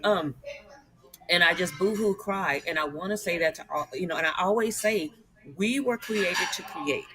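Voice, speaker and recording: A woman's voice: lowish voice, normal speed, a crowd in the background, rough recording. A woman co-hosting a casual filmmaker panel, telling a story in an earnest, heartfelt way. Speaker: podcast co-host.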